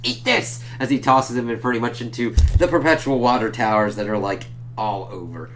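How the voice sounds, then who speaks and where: A man's voice: a little fast, a little hiss or hum. Casual, cursing man recapping a comic. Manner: loose and profane, jumps higher when quoting characters. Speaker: comic book reviewer.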